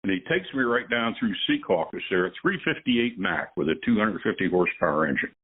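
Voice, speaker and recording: An older man with a low, husky voice comes through a tinny, phone-like line. He speaks as a veteran truck driver, rambling through his stories and chuckling along the way. His pitch rises and falls in a lively way. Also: a little fast. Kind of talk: telling stories in a casual conversation.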